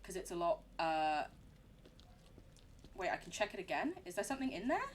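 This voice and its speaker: A woman's voice: fairly low pitch, animated, moderate pace, slight background noise. Young woman streaming a game, rambly and giggly. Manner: chatty, giggly, rambling asides. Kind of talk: live game commentary.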